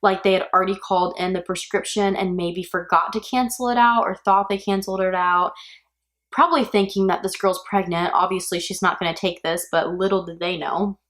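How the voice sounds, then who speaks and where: A woman's voice: medium pitch, fairly even intonation, a little fast, fairly bright tone. A woman hosting a true crime podcast, retelling a case in a casual, chatty way with blunt opinionated asides. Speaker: podcast host.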